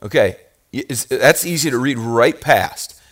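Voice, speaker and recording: A man preaching a sermon as pastor, moving from quiet asides to loud, fervent passages and asking the congregation questions. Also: medium pitch, animated, measured pace. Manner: talks directly to the congregation with questions.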